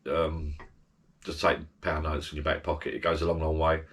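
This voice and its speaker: A very deep voice delivers casual holiday advice completely flat, at normal speed. The man, a travel vlogger, rambles chattily, often restarting and veering off on tangents.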